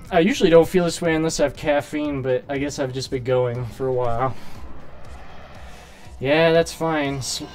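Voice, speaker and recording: A man doing casual, excitable gameplay commentary, swearing and shouting at his character while saying he is hungry and tired. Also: mid-range voice. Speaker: gaming streamer.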